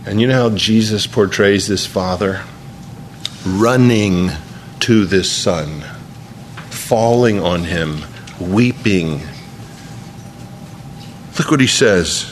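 A man's voice: fairly low pitch, slow, long pauses, a little hiss or hum. A man pastor delivering a sermon to a congregation in church, telling a story and often repeating his words as he preaches.

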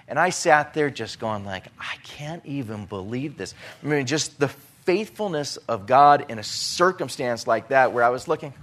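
A man's voice: medium pitch, expressive, moderate pace, a bit bright. A middle-aged man telling an emotional personal testimony about relief work, with many restarts and acted-out dialogue.

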